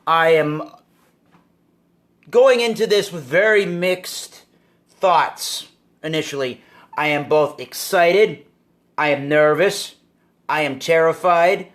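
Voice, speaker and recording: Male home video host, fairly high voice, animated, casual beer-review delivery. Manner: animated, exclaims at surprises. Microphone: phone or camera mic.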